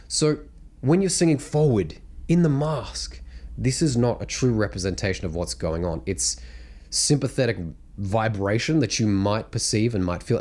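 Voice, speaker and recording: A man's voice: fairly low pitch, a little mellow. A man teaching vocal technique in a blunt, casual way, breaking into hums and sung demonstrations. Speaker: singing coach. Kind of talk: vocal technique lesson to camera.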